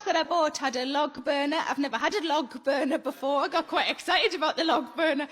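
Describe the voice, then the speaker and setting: A woman's voice: sits high, brisk. A woman doing a chatty, self-mocking stand-up routine on a comedy club stage. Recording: loud crowd and noise from a live club.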